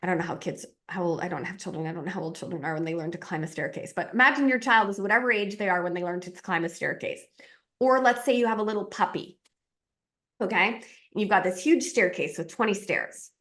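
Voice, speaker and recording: A woman giving a spiritual coaching talk, animated and acting out inner voices as she explains. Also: mid-range voice, a little fast.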